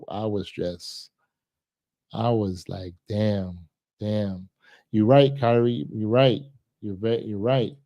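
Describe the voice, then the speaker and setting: A man hosting a live stream, reacting to a news clip with emotional, repetitive commentary, at times hushed and at times loud. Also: fairly low pitch, dry recording, studio quality. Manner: emotional, repeats words, swings from hushed to loud.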